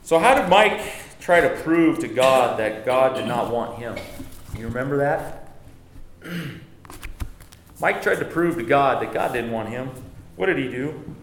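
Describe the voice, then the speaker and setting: A man's voice: mid-range voice, animated, a little slow. A man teaching a church Bible class in a conversational, joking way, often correcting himself. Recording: echoey room, faint noise.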